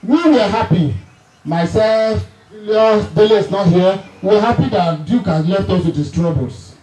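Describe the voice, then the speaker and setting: A man's voice: high voice, moderate pace, mellow, low-quality recording. A middle-aged man with a Nigerian accent, telling funny family stories at a reunion and teasing his listeners. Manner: chuckling storyteller, teasing the audience. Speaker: family member speaking at a reunion. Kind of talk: humorous anecdotal speech.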